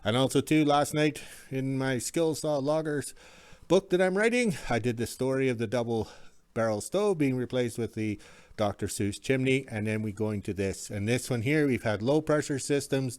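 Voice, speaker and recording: A man's voice: medium pitch, darkish tone, no room sound. Rambling folksy man, dry sound. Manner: rambling, folksy, self-correcting. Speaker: vlogger, homesteader. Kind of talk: casual walk-around narration. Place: workshop and yard in the cold north.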